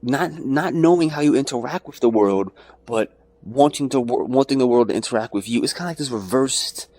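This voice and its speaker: A man's voice: medium pitch, brisk, darkish tone, no room sound. A man ranting in a rambling, profane vlog monologue, jumping between mocking voices and his own. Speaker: vlogger.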